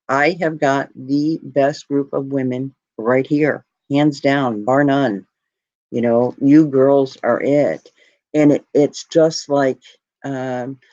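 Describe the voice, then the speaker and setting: A woman's voice: extremely low pitch, darkish tone. A woman talks on a live stream in a heartfelt, rambling way, full of gratitude and close to tears. The sound is dry, with no room echo. The audio is a little muffled and lo-fi. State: tearing up. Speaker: jewelry live stream host. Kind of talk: casual live stream chat.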